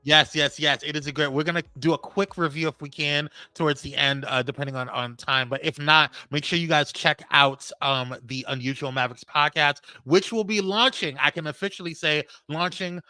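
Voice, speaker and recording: A man's voice: a little high, normal speed, few pauses, clear, resonant tone, no echo, low-quality recording. A man with a New York accent co-hosting a live show, chatting casually, greeting viewers and reading out news. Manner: animated, shouts out viewers by name. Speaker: podcast co-host.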